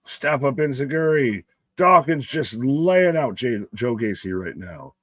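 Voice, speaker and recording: A man's voice: mid-range voice, lively intonation, measured pace, no echo. A man hosting a casual live stream, calling the match play by play and reading chat comments aloud, loose and profane and often laughing.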